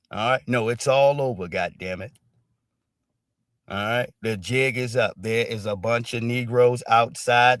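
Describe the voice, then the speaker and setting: A man's voice: medium pitch, a bit bright, no room sound, clean studio sound. A man commenting on a livestream, talking bluntly and profanely, punctuating nearly every sentence with a questioning "all right". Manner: emphatic, profane, repeats "all right" constantly. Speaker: stream commentator.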